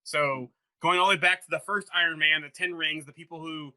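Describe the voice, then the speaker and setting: A man's voice: on the high side, fairly even intonation, fairly quick, pushed and bright. A man hosting a podcast, running through news in casual chat and steering the topics carefully. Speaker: podcast host.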